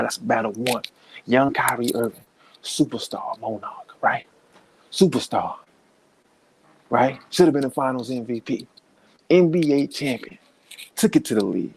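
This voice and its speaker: A man's voice: mid-range voice, gravelly, a little hiss or hum. Guy ranting on a podcast, heated and cursing a lot, comedic. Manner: profane, heated, animated. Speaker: podcast host. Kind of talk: comedic political rant.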